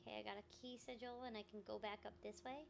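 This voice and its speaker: A woman's voice: mid-range voice, fairly even intonation, quick pace, gravelly, a little hiss or hum. A young woman voice actor chatting casually while playing a game, muttering to herself and joking about her own confusion. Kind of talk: casual gameplay chat.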